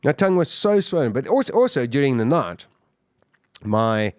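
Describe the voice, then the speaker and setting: A man, a podcast guest, telling his survival story in an animated way, full of restarts and repeated words. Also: medium pitch, normal speed, dry recording, clean studio sound. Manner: vivid, animated retelling with restarts. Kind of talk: interview storytelling.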